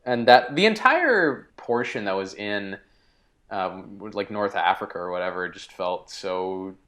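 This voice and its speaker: A man's voice: on the low side, lively intonation, a little slow, fairly bright tone. Man in loose, profane movie chat. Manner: loose, profane, filler-heavy. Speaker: podcast co-host. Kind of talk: casual movie review chat.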